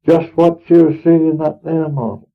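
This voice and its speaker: Speaking at a measured pace in a fairly high, gravelly voice, a man portrays an aged, God-fearing rustic farmer with a rural Norfolk dialect. His monologue is homely, earnest, and rambling, and the old recording sounds tinny, like a phone.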